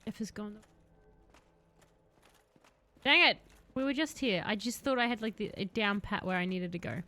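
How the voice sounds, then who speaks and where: A woman's voice: mid-range voice, expressive, normal speed, pushed and bright, soft background music. A young woman streaming a game, chatting sarcastically and wandering off on tangents. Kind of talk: casual gameplay commentary.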